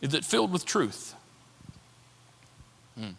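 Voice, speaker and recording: High-voiced gravelly male preacher. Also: sing-song, slow pace, a bit bright. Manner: conversational, questioning preaching. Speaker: pastor. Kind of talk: sermon. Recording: long hall reverb.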